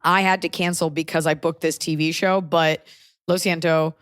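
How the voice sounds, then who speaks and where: A woman's voice: sits low, flat delivery, moderate pace, no room sound, studio quality. Wry, rambling woman podcast host. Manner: wry, rambling storytelling with put-on voices. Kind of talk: casual podcast chat.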